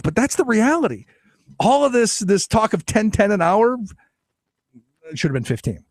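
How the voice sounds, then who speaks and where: Animated, gravelly male talk radio host. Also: sits high, no echo. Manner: animated, sarcastic, acts out quoted voices. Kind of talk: opinionated political talk radio monologue.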